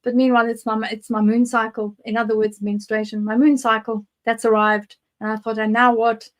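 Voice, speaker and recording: Candid South African woman, slightly high. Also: flat delivery, fairly quick. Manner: candid, rambling storytelling. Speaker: guest psychic. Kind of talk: interview, personal testimony.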